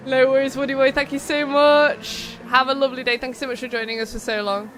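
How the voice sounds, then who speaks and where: Hosting a racing game live stream, this young woman talks at a moderate pace in a high voice that barely moves in pitch. Her chat is casual and rambling, she reads out messages from viewers, and there's slight background noise.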